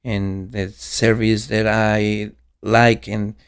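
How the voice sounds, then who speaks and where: A man's voice: lowish voice, slow pace, smooth. A young man from Ecuador with an Ecuadorian Spanish accent, a bartender and podcast guest talking casually and acting out the voices in his stories. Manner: animated storytelling, acts out quoted voices.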